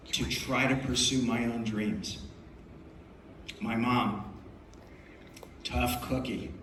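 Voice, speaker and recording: A man's voice: medium pitch, far from the mic, slight background noise. Older man telling stories in an echoey hall. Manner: storytelling, emphatic, repeats phrases for effect. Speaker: film producer giving a festival talk. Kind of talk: motivational speech to an audience. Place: large hall at a festival.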